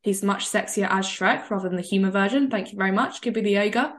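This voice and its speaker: A young woman co-hosting a casual podcast chat, animated and excitable, often breaking into laughter. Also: mid-range voice, quick pace. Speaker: podcast co-host.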